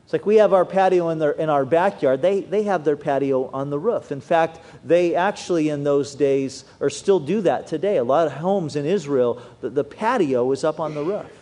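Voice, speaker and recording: A man preaching a sermon, telling stories with animated swings in loudness. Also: a little high, normal speed, hardly any pauses. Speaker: pastor.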